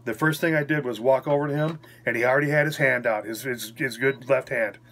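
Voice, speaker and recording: A man's voice: mid-range voice, brisk, a bit bright, slight background noise. A man recounting a story in a casual, frank and rambling way, often checking in with his listener, while recovering after a hospital stay. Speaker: vlogger.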